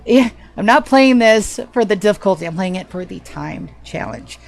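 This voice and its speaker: A woman's voice: mid-range voice, lively intonation, normal speed, creaky. A woman streaming a game live, chatting casually and swearing freely with a self-mocking, sarcastic manner. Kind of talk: casual live gameplay chat.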